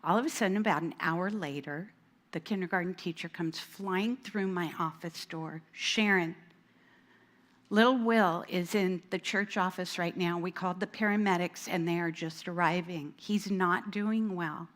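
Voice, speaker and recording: A woman's voice: fairly low pitch, moderate pace. Woman telling a school story. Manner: lively anecdote, acts out a small child's voice. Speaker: school administrator. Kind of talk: storytelling talk at a women's event. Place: church hall.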